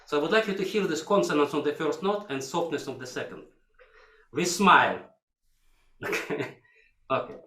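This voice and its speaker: Animated older man coaching violin. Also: fairly high pitch, fairly quick, pauses often. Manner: animated, sings phrases to demonstrate, broken English. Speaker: violin teacher. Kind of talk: masterclass coaching. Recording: echoey hall. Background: violin playing.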